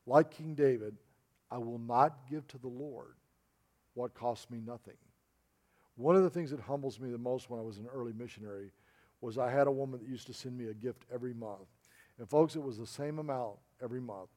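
A middle-aged man preaches a sermon in an easy storytelling way, pitched in an ordinary middle range. He speaks to his listeners as folks. When he quotes other people, his voice drops softer. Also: fairly quick.

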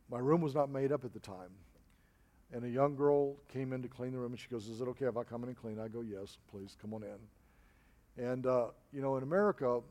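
A middle-aged man preaches a sermon in an easy storytelling way, pitched in an ordinary middle range. He speaks to his listeners as folks. When he quotes other people, his voice drops softer.

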